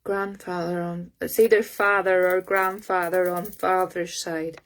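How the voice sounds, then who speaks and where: A woman hosts a live psychic reading, speaking into her phone. Her voice sits a little low and stays level, with little rise and fall. She talks haltingly and searches aloud for words as she goes. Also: little pitch movement. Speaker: psychic medium.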